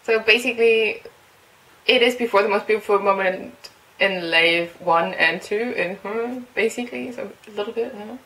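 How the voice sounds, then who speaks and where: A woman speaks English as a second language in casual, excitable commentary. Her pitch sits in an ordinary middle range. She muses aloud, then breaks into squeals and giggles. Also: moderate pace, low-quality recording. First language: not English. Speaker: webtoon reaction host.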